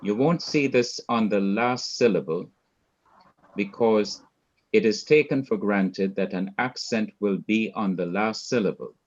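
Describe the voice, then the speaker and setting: A man with a Jamaican accent teaching a class, going through his points slowly and one by one. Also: on the low side, darkish tone, lo-fi sound. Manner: slow, methodical, lists points one by one. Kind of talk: recorded class lecture.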